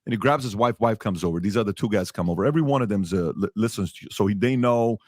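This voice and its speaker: A man's voice: on the low side, fast, dry recording, studio quality. A man on a podcast telling a story and making emphatic, repeated points, acting out the people he quotes. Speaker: podcast host. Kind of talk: storytelling rant. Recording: played clip from a podcast.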